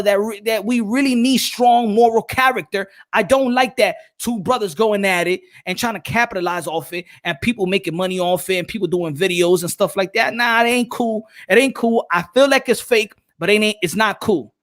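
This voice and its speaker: A man's voice: high voice, a bit bright. A man, a boxer, giving his opinions in casual vlog talk, earnest and repeating himself often. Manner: earnest, repetitive, restarts often.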